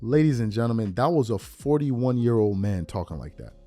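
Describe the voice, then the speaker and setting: A man's voice: medium pitch, expressive, fairly quick, dark tone, dry recording, faint music behind. A man in his thirties hosting a podcast, giving opinionated sports commentary with incredulous rhetorical questions and street slang. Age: 30s. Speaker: podcast host.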